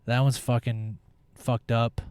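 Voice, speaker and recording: A man's voice: medium pitch, little pitch movement, slow, darkish tone, smooth, no room sound. A young man hosting a podcast, talking in a blunt, opinionated monologue and swearing freely. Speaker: podcast host. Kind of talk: casual monologue.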